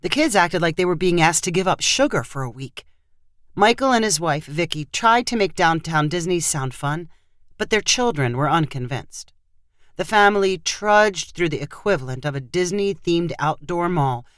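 Low-voiced woman narrating a short story. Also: expressive, moderate pace, fairly bright tone, no room sound, clean studio sound. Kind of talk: scripted narration.

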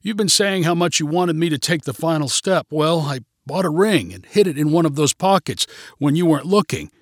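A man's voice: on the high side, lively intonation, brisk, dry recording, clean studio sound, close to an everyday voice. A man voicing an earnest, frustrated young boyfriend in a read-aloud story. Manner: earnest, exasperated.

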